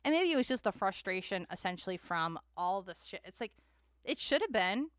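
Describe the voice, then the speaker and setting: A woman's voice: mid-range voice, very animated, brisk, no room sound, studio quality. A young adult woman hosting a live tarot stream, chatting with viewers in a rambling way and often laughing and sighing between thoughts.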